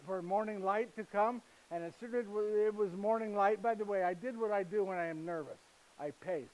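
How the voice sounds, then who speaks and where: An actor playing a humble, earnest Saint Joseph in a live monologue, speaking halting, slightly broken English directly to his listeners. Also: high voice, a little mellow, close to an everyday voice, rough recording. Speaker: actor in first-person monologue. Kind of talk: live dramatic monologue to an audience. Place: retreat gathering with live audience.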